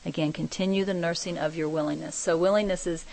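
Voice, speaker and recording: A woman teaching a spiritual group, reading channeled messages aloud and commenting on them in a soft, reflective way. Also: fairly low pitch, fairly even intonation, fast, gravelly, low-quality recording. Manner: soft-spoken, reflective, often laughing.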